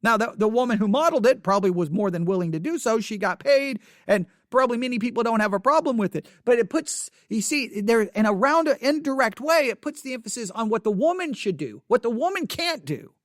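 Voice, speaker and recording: A man's voice: very high voice, expressive, fairly quick, hardly any pauses, no echo, studio quality. A man hosting a casual spoken commentary, emphatic, often restarting his words.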